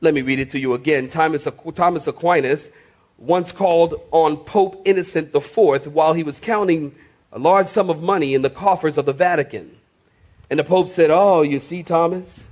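Middle-aged male pastor, high voice, sermon delivery with dramatic hushed drops and repetition. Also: moderate pace. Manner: preaching with big swings from loud to hushed, repeating phrases.

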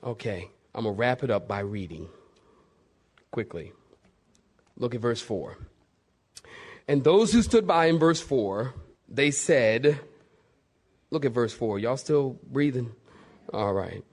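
A male pastor preaching a sermon in a lively, playful way, acting out bits of the story. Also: mid-range voice, slow pace, pauses often. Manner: animated, playful, acts out voices.

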